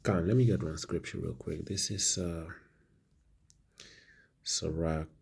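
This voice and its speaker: Brief: male religious commentator, dark and raspy, halting preaching delivery. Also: sits low, steady tone. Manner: halting, repeats words, many fillers; ends phrases with "man".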